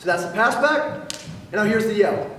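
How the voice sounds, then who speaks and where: A young man, a yell leader, explaining yells slowly and deliberately, then shouting the counts. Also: sits high, lively intonation, a little hiss or hum. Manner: slow, deliberate explaining between loud counts. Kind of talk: instructional demonstration. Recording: echoey hall, voice from far off.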